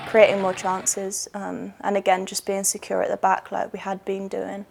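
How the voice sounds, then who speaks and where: A woman footballer giving a measured interview about her team's matches, with frequent pauses and fillers. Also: mid-range voice, completely flat delivery, vocal fry, darkish tone. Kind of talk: post-match interview reflection. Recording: music bed and crowd noise behind.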